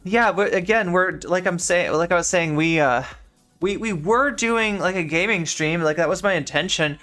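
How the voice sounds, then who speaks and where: A woman's voice: on the low side, moderate pace, a bit bright, faint music behind. A woman streamer chatting casually while playing a game, rambling and leaning heavily on filler words as she talks. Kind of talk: casual live-stream chat while gaming.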